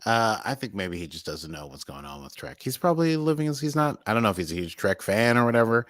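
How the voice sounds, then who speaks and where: A man's voice: fairly low pitch, big pitch swings, fast, fairly bright tone, no room sound, studio quality. An American man co-hosting a podcast, chatting casually and playfully, joking around. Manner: playful, jokey, drifts into put-on accents. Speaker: podcast co-host. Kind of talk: casual chat.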